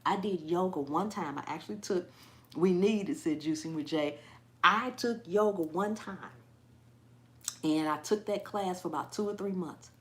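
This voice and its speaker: A woman hosting a casual live stream, hyper and animated, often laughing and mimicking people. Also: lowish voice, normal speed. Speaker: gardening channel host.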